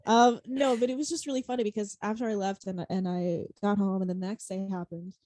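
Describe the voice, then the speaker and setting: A woman's voice: mid-range voice, steady tone, brisk, warm tone, dry recording. A young woman co-hosting a podcast, telling a story in casual chat, rambling, laughing often and swearing freely. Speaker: podcast co-host.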